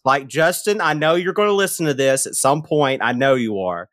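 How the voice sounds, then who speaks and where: A man hosting a podcast in casual chat, animated and jokey with mock-dramatic flair. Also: on the high side, moderate pace, dry recording, clean studio sound. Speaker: podcast host.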